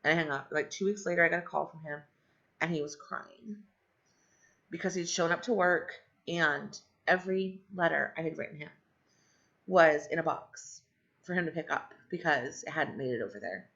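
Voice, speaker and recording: A woman's voice: sits low, moderate pace, a bit bright. A middle-aged woman telling a long personal story in a rambling way, full of fillers and asides. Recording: dull lo-fi sound.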